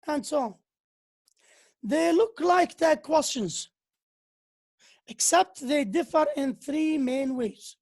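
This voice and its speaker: A woman's voice: high voice, animated, slow pace, pauses often, a little mellow. A woman giving a university English lecture. She slips into to explain, and she acts out the example sentences with exaggerated intonation.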